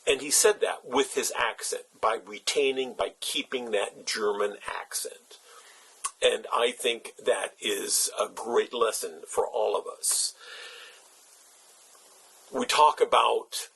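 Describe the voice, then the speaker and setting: A man's voice: mid-range voice, slow pace, vocal fry, a bit bright, slightly rough, rough recording. A man hosting his own channel, giving a reflective spoken essay, thinking aloud with many fillers and restarts. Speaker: channel host.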